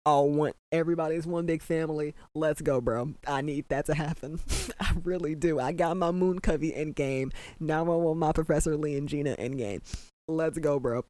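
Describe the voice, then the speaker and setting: A man's voice: a little high, moderate pace, a little mellow, no room sound. A man hosting a casual podcast, ranting emphatically and repeating himself, with plenty of "like" and "bro". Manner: emphatic, repetitive, exasperated ranting with frequent "bro" and "like". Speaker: podcast host.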